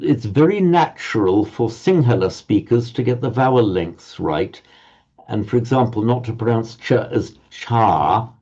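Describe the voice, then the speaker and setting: Male Pali tutor, warm and dark-toned, corrective, slightly muffled lo-fi recording. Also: mid-range voice. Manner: patient, corrective, repeats words while searching. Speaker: Pali pronunciation teacher. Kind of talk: teaching pronunciation in a group class. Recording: dull lo-fi audio.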